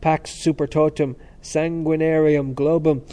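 A man's voice: fairly high pitch, little pitch movement, unhurried, mellow, voice pushed up, close to an everyday voice. A man reading the lines of a playful young male student who speaks in a soothing way.

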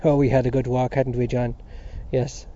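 A man doing a loud, hearty middle-aged father. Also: mid-range voice, moderate pace, natural voice. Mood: jovial. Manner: loud, bantering, lively. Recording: dull lo-fi audiobook recording.

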